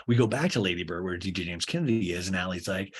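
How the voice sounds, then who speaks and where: A man's voice: sits low, fast talker, breathy edge. A man hosting a podcast, recapping a TV show in a rambling, crude, wry comic style. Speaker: podcast host. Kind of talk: comedic TV recap.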